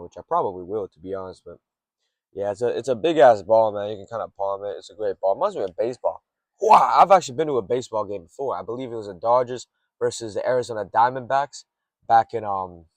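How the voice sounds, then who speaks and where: A man's voice: on the low side, no room sound. A young man rambling late at night from a parked car in a garage, swearing often and drifting off topic. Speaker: streamer rambling to camera.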